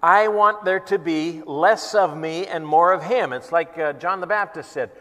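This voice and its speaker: A man's voice: on the high side, normal speed, hardly any pauses, fairly bright tone. A male pastor preaching at a church worship service in an earnest, conversational storytelling manner. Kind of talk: sermon. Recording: long reverb in a church hall.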